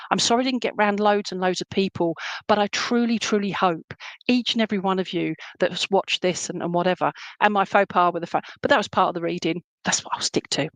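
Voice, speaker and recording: A woman's voice: mid-range voice, no echo. A woman working as a spiritualist medium, giving clairvoyant readings at an online church service in a chatty, affectionate way. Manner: chatty and affectionate, with frequent endearments. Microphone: online stream.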